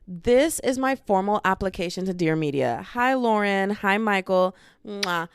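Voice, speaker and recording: A woman's voice: mid-range voice, lively intonation, a little slow, slight background noise. A woman in her twenties hosting her own podcast at home, talking casually and rambling from topic to topic into a small camera. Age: 20s. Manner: rambling, chatty, jumps between topics. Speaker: podcast host. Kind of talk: casual solo podcast chat. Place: at home, indoors. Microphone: small handheld camera.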